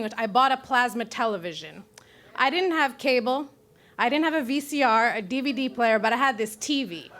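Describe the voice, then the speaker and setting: Brooklyn-raised woman, high-pitched, live slam storyteller, salty and self-deprecating. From Brooklyn, New York. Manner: profane, self-mocking, animated.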